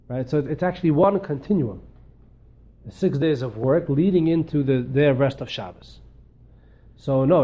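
Animated man teaching a religious class. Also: on the high side, breathy edge. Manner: animated, repeats words while searching for phrasing. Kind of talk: storytelling lecture.

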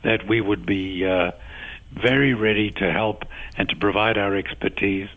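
A man with a South African accent speaks as a guest on a radio broadcast. His voice sits a little low but has a bright, forceful edge. He explains patiently and walks through his points in order. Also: fairly even intonation, low-quality recording. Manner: measured, explanatory, enumerating points. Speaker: guest, agency official. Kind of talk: radio interview answer.

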